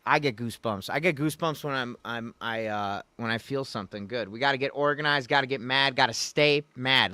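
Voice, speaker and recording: A man's voice: medium pitch, a little fast, pushed and bright, dry recording. A man hosting a casual livestream, rambling and folksy as he talks to viewers in the chat. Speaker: livestream host. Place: Louisiana.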